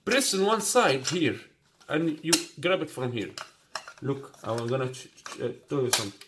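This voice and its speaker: Very animated and moderately paced, a mid-range male voice shows off a scooter in a casual unboxing. He's a product reviewer whose native tongue is Arabic, speaking non-native English and frequently asking "you got me?"; the room echoes and carries faint noise.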